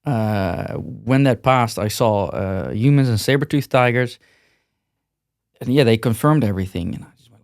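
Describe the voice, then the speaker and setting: In a casual interview, a male podcast guest rambles with frequent restarts and repeated words. His mid-range voice is creaky and a little mellow at a moderate pace, captured in clean studio sound with no room echo.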